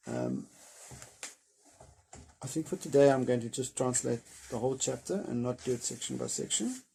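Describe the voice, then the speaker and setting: A man reading a chapter of a children's novel aloud, then retelling it in a loose, hesitant way with many pauses. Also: medium pitch, huge pitch swings, vocal fry, warm tone, breathy edge.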